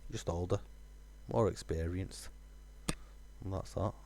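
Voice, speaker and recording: A man's voice: sits low, steady tone, takes it slowly, vocal fry, mellow, slight background noise. A man, musing aloud with fillers while streaming a game. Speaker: gaming streamer. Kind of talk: casual let's-play commentary.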